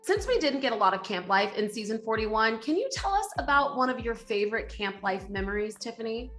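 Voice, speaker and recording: A woman's voice: on the high side, lively intonation, fairly quick, fairly bright tone, soft background music. A woman hosting an interview, asking questions in an upbeat, encouraging way. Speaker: interview host.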